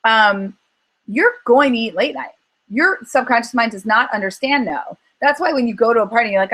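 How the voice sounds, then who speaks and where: A woman with a fairly high voice speaks briskly as a weight-loss coach, leading a group call on emotional eating. She tells stories earnestly and animatedly, acting out her own inner voice. The recording quality is low.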